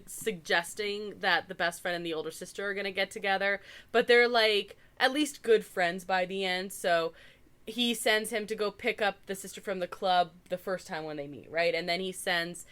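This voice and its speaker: A woman's voice: mid-range voice, fairly bright tone. A woman from Canada co-hosting a podcast, chatting casually as she recaps a movie, with lots of "like" and wry asides. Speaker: podcast co-host.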